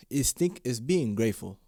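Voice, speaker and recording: A man's voice: mid-range voice, lively intonation, unhurried, warm tone, husky, no echo, studio quality. A man in a casual discussion, telling an anecdote animatedly with rhetorical questions.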